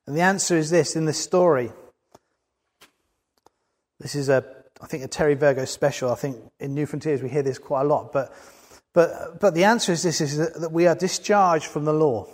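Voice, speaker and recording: A preacher delivers his sermon with earnest conviction, rising to emphatic peaks. His voice sits a little high for a man. The sound carries a long reverb from a large hall. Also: moderate pace, darkish tone.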